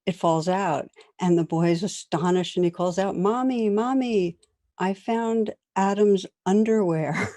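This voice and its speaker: A middle-aged woman meditation teacher giving a conversational dharma talk to a class, with gentle laughs as she tells stories. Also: sits low, no room sound, clean studio sound.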